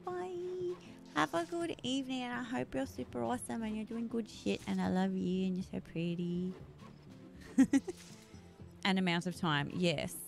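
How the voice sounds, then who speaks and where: A woman's voice: medium pitch, normal speed, creaky, soft background music. Sweary woman live-streaming a game. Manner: swears freely, grumbling frustration. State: voice sore. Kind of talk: casual live-stream chat while gaming.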